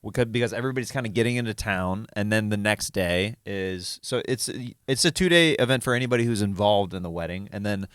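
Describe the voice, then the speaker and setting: A man chatting casually on a comedy podcast, explaining things in a relaxed, rambling way. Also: lowish voice, fast, few pauses, clean tone, no room sound, clean studio sound. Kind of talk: casual chat.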